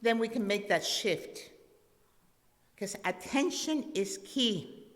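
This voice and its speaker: A woman minister preaches at a slow, gentle pace and comes back to her key words again and again. Her voice carries a long reverb, as if it fills a big church hall. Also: mid-range voice, lively intonation. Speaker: guest minister. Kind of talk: sermon.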